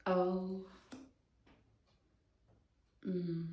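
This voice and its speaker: A woman doing a casual tarot reading, thinking aloud in a slow, musing way. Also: fairly low pitch, monotone, dull audio. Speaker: tarot reader. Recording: echoey room with clear background noise.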